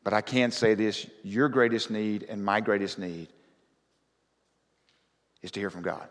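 A man preaching a conversational sermon as pastor, often rising to loud, fervent scripture reading. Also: fairly low pitch, measured pace. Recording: reverberant hall.

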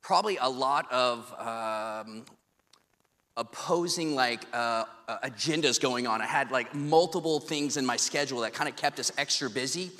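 A male pastor with a mid-range voice preaches a sermon at a moderate pace in a church sanctuary, casual and joking as he tells animated stories full of fillers. He's on a handheld mic, and the hall is echoey with long reverb.

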